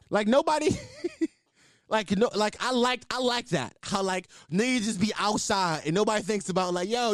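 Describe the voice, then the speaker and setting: A young man with a high voice hosts a podcast, riffing through loose, profane, laughing comic commentary. It's casual and animated, recorded in a clean studio with no echo.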